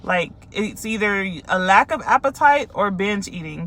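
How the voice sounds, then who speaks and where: A woman's voice: medium pitch, expressive, unhurried, bright, forceful tone, a little hiss or hum. A woman life coach from California, talking casually and candidly to her followers about her own experience, with many ums and likes.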